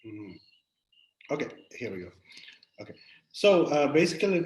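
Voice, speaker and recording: A man giving an academic webinar lecture, explaining step by step with many pauses and fillers. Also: lowish voice. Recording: echoey room.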